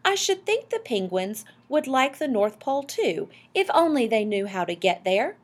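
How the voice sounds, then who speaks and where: A woman's voice: a little high, normal speed, voice pushed up. A woman voicing an enthusiastic, dreamy middle-aged husband who talks eagerly. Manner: eager, excitable.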